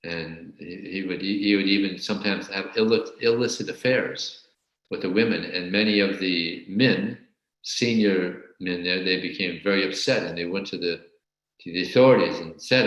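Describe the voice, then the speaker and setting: A man teaching a scripture class and telling a story in a halting way, often repeating words. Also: deep voice, a bit bright. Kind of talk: storytelling religious lecture. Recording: very echoey room.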